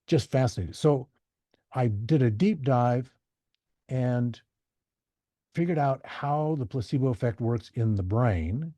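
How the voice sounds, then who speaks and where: A man, a podcast guest, telling stories in a casual, animated way and acting out the voices of the people he quotes. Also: medium pitch, slow, long pauses, no room sound. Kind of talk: casual storytelling.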